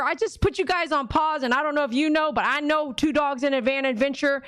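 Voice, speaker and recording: A woman pet groomer hosting a live fundraiser stream, chatty and excitable, gushing thanks to donors. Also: high voice, brisk, hardly any pauses, slight background noise. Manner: excitable, gushing thanks, sings repeated thank-you chants.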